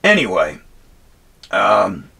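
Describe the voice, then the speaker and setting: A Marine veteran ranting angrily through a personal story, cursing often and circling back with "anyway". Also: male voice, low-pitched, wildly swooping pitch, very slow, creaky, bright, forceful tone, husky. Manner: profane, angry, rambling with restarts and "anyway". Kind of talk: heated personal storytelling rant.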